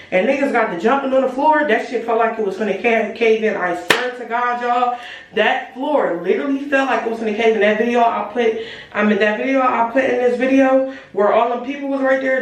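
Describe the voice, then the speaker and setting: A teenage girl telling a story to her viewers in a lively, profane, chatty way, talking straight to the audience as y'all. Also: on the high side. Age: late teens. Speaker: storytime vlogger. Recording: very echoey room, voice far from the mic.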